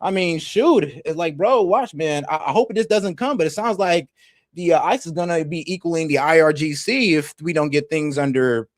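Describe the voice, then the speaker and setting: A man's voice: a little high, moderate pace. A man co-hosting a casual political reaction chat in a laid-back, questioning way, often saying "I mean". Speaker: co-host.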